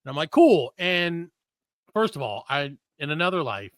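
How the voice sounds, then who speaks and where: A man's voice: a little high, moderate pace, no echo, studio quality. A man, a comedy podcast host, telling a story in casual chat and acting out the other people in it. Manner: animated, acts out the other people in his story.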